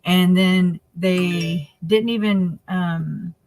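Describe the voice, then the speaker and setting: A woman co-hosting a livestream chat in a lowish, dry-sounding voice. She talks in a casual, opinionated way. She breaks into laughing asides as she goes. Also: steady tone, drawn-out words, darkish tone, no echo, rough recording. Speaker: livestream co-host.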